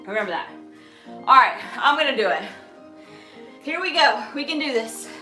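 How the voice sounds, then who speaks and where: A woman fitness coach leading a live workout class, energetic and encouraging, a little out of breath as she calls out cues and counts down. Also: on the high side, fairly quick, echoey room, rough recording. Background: workout music.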